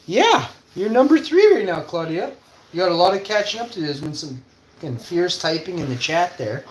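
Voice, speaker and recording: A man on a casual livestream, cooking in his kitchen and swearing constantly as he rants, with sudden loud outbursts. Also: sits high, big pitch swings, fairly quick. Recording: roomy with faint background hum.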